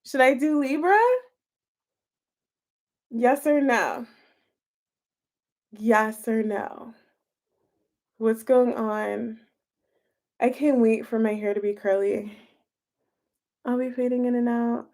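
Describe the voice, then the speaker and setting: Woman tarot streamer, chatty and giggly, unhurried delivery. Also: fairly high pitch, fairly even intonation, a little mellow. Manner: chatty and giggly, answering chat comments. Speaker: tarot reader live-streaming to chat. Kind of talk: casual live-stream chat.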